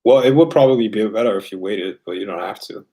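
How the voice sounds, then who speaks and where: A man's voice: lowish voice, quick pace, warm tone. A man raised bilingual, hosting a casual livestream and answering viewer questions in a loose, rambling way full of fillers and restarts.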